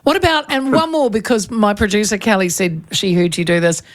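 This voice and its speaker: A woman's voice: mid-range voice, big pitch swings, fairly quick. A New woman hosting a casual radio chat, chatty and laughing, often restarting her sentences. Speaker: radio host. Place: radio studio.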